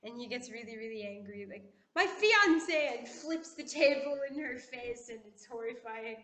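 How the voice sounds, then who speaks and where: A woman vlogger chatting casually, putting on a poised, classy-sounding voice and talking in an opinionated, animated way. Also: fairly high pitch, moderate pace. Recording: echoey room.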